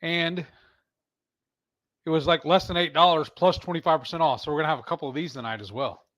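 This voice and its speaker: A man's voice: on the high side, brisk, a bit bright. A man co-hosting a live cooking stream, bantering in a laid-back, teasing way. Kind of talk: casual live cook-along chat.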